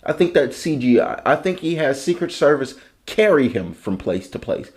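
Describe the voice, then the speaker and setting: A man's voice: medium pitch, big pitch swings, normal speed, darkish tone. Profane, ranting male podcast host. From Chicago. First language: English. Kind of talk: solo comedic rant.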